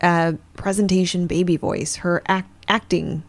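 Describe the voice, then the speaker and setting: A woman's voice: fairly low pitch, steady tone, unhurried, vocal fry, slight background noise. A woman co-hosting a podcast, explaining psychology in a thoughtful way with some fillers. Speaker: psychologist co-host. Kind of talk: podcast discussion.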